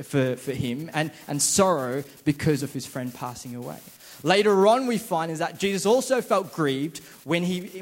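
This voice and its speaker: A young man, preaching a casual, chatty, self-deprecating sermon and acting out inner voices. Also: a little high.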